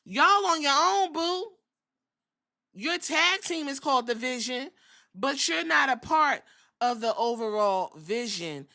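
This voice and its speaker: Sassy woman podcast host, bright and fairly high, profane casual recap. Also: animated, takes it slowly. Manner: sassy, profane, acts out quotes.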